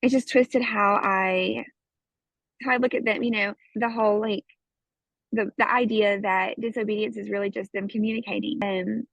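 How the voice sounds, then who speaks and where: Appearing on a parenting program as a guest, this thirtysomething course student recounts a family tale at normal speed in a gravelly, mid-range voice. She animatedly performs her own part and her child's, and the close recording is dry, dull, and echo-free.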